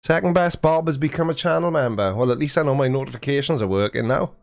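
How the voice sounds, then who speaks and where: Guy chatting to his stream, jokey, mid pitched voice, dead dry mic. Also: lively intonation, quick pace, creaky, dry recording. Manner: chatty and joking, fiddling with settings while talking. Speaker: livestream host. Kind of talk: casual livestream chat reading viewer messages. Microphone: studio mic with a foam windscreen.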